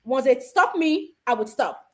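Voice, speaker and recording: A woman from Africa telling personal parenting stories, animated and laughing often. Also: high-pitched, measured pace. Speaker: guest mother. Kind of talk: casual storytelling.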